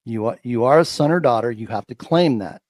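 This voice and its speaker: Man, emphatic preacher cadence, mid-pitched voice, dry close sound. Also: brisk, darkish tone, dry recording. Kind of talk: preachy faith-filled commentary.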